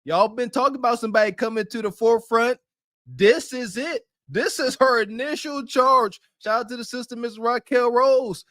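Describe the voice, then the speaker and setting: A high-voiced man gives hyped, slangy commentary as a podcast co-host. His voice is dry and close to the mic. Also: normal speed, no room sound. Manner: animated, hype, slangy.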